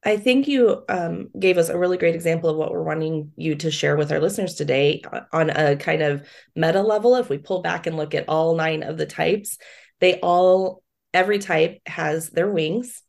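A woman's voice: low-pitched, moderate pace, creaky, a little mellow. A middle-aged woman hosting a podcast, affirming her guest and explaining ideas plainly. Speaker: podcast host. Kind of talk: casual podcast chat.

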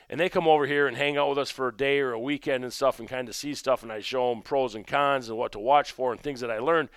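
A man hosting his own podcast, telling a story in a rambling, conversational way and dropping low and quiet when he recounts his own remarks. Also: smooth, dry recording, clean studio sound. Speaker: podcast host and gun shop owner. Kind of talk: casual storytelling monologue.

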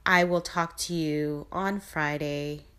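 Middle-aged woman with a low voice rambling thru a story on her podcast, upbeat and pep-talky. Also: steady tone, takes it slowly, a bit bright, smooth. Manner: chatty, rambling, upbeat motivational. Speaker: podcast host. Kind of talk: casual storytelling monologue.

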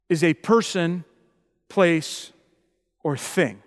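A man preaching a sermon as pastor, emphatic and building to loud, passionate peaks. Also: fairly high pitch, normal speed, long reverb tail.

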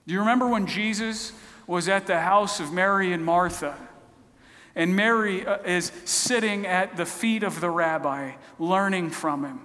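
A man's voice: high-pitched, a little slow, a bit bright. A man preaching a sermon, retelling stories in a conversational, storytelling way. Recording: long hall reverb.

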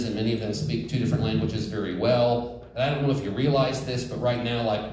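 A man's voice: medium pitch, a little mellow. A man preaching a sermon in church, earnest and emphatic, with joking asides to the congregation. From rural United States. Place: church sanctuary. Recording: echoey church hall, distant mic.

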